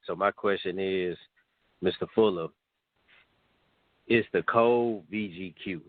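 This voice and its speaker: Polite deep-voiced caller on a phone line. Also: male voice, no room sound. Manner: polite and respectful, slightly halting. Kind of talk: call-in question. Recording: tinny phone-line audio.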